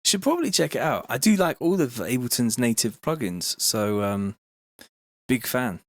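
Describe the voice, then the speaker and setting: A man's voice: medium pitch, sing-song, normal speed, no echo, clean studio sound. A man, a music producer chatting casually to a livestream while working, laid-back and swearing freely. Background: electronic dance music.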